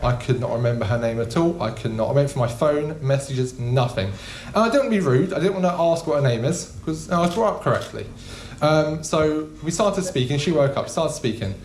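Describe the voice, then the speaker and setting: A young man doing a stand-up comedy set in a small club, deadpan and casual with frequent ums. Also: medium pitch, a little fast, a little hiss or hum. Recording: echoey room.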